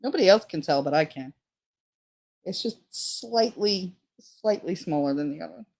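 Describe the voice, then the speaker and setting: A woman's voice: on the low side, animated, normal speed, creaky, darkish tone. A middle-aged woman streaming a casual chat, rambling through crude stories with lots of swearing.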